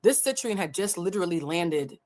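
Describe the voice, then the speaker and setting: A woman hosting a livestream, telling a dating story in a casual, blunt and profane way, and acting out the dialogue with big jumps in pitch. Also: lively intonation, brisk, a little mellow. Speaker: host of a livestream, emotional intelligence coach. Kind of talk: casual storytelling to a live audience.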